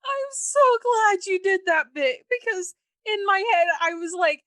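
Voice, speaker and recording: A woman co-hosting a podcast, telling stories in an animated, casual way. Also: very high-pitched, a little slow, no room sound. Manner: animated storyteller. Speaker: podcast co-host.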